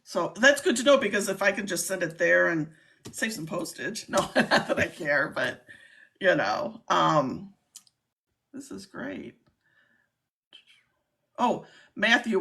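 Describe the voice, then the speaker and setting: A middle-aged woman hosting a casual live-stream chat, talking in an excitable, chatty way. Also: on the low side, unhurried, gravelly. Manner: chatty, excitable, laughs often. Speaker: host, scam baiter.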